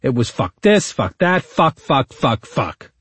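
A man's voice: mid-range voice, very animated, slow, a bit bright, breathy edge, no room sound, voice pushed up, exaggerated voice. A man voicing a defiant male witness on the stand who answers bluntly and swears with exasperation, as a quote within audiobook narration. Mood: indignant.

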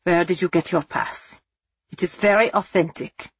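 A menacing male army captain with a calm, coaxing cruelty, read by a woman. The voice sits low with a husky edge. The audiobook sound is dry and slightly dull. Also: moderate pace, no echo. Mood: cold.

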